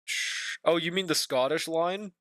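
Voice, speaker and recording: A man's voice: on the high side, measured pace, fairly bright tone, dry recording, studio quality. A young man streaming as he draws, chatting casually with viewers and swearing freely. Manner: laid-back, swears often, talks to chat. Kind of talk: casual stream chat while drawing.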